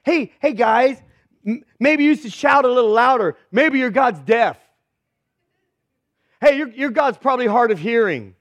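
A man's voice: medium pitch, little pitch movement, normal speed, a little mellow, no echo, pitched below the performer's own voice, close to an everyday voice. A man voicing a condescending male prophet who taunts his rivals, in a sermon retelling. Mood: mocking. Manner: taunting, sarcastic.

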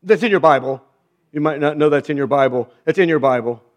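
High-voiced wry preacher, man. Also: a little fast. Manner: wry, sarcastic, chuckling, big swings in pitch and volume. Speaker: pastor. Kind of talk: sermon.

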